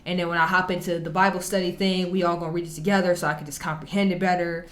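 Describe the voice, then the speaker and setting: A woman's voice: on the low side, flat delivery, rapid-fire. A woman hosting a reaction video, telling her own story in a chatty, slangy, laid-back way. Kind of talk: casual reaction commentary.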